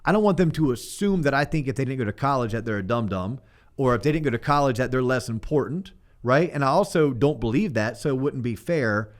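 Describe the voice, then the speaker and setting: A man's voice: mid-range voice, animated, fairly quick. A middle-aged man hosting a podcast, chatting casually and acting out sample phone calls as he coaches small talk. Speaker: podcast host, mortgage coach. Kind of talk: casual chat.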